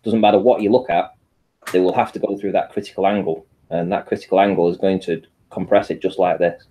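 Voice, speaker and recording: A man with a deep, mellow voice explains something step by step. He talks casually and often restarts his sentences. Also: fairly even intonation, quick pace, slight background noise.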